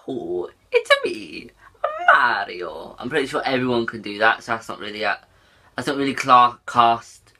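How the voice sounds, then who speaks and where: A man's voice: medium pitch, steady tone, a little fast, pushed and bright. A young man chatting casually for a vlog, rambling and swearing often. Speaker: YouTuber.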